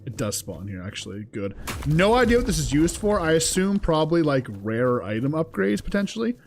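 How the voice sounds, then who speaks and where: Young male streamer, lively and expressive, talks to chat, swears casually, music behind. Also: a little high, fairly quick. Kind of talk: casual gameplay commentary.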